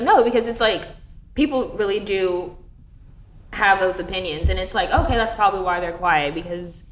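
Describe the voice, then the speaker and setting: A young woman in casual chat, animated and swearing freely, with many fillers. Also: on the low side. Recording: echoey room.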